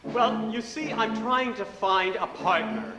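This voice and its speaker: An actor in a stage musical playing a suave, broke baron who talks with an unhurried, smooth charm. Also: male voice, high voice, over loud music. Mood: tense. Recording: echoey theatre hall with orchestra.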